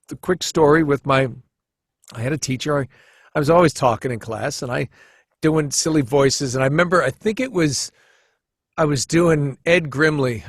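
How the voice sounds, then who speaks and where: Animated man telling rambling stories. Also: on the high side, no room sound, clean studio sound. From United States. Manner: animated storyteller who jumps into quoted voices; rambling with many restarts and fillers. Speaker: podcast guest. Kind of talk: casual storytelling chat.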